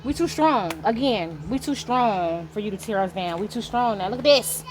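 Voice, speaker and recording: A woman's voice: medium pitch, animated, moderate pace, noisy background. A woman giving a casual spiritual tarot reading, talking straight to the viewer in an emphatic, slangy and profane way. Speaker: tarot reader.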